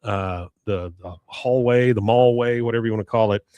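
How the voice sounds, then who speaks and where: A man's voice: on the low side, moderate pace, dark tone, dry recording, muffled recording. A man hosting a podcast, recapping an episode in a casual, rambling way with lots of hesitation. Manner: rambling, hesitant, fond of fillers. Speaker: podcast host. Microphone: podcast mic.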